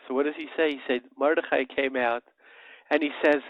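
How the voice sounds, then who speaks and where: A man giving a lively holiday Torah talk in a fairly high voice, his tone jumping up for emphasis as he tells a story. He slips Hebrew and Yiddish terms into his English. The sound is thin and phone-like, with no room around it. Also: brisk, dry recording. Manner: animated storyteller with sudden emphatic rises. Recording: narrow phone-like line, dry.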